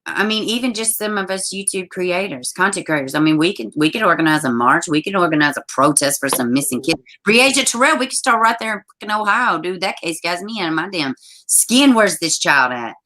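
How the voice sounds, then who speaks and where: A young adult woman hosting a casual live-stream chat, blunt and animated, swearing freely. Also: lowish voice, brisk. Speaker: channel host.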